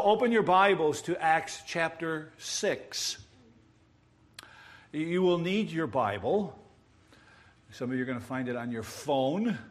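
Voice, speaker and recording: A pastor preaching a sermon, explaining a passage earnestly with emphatic rises and wordplay. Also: male voice, on the high side. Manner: self-described wordsmith, plays with words.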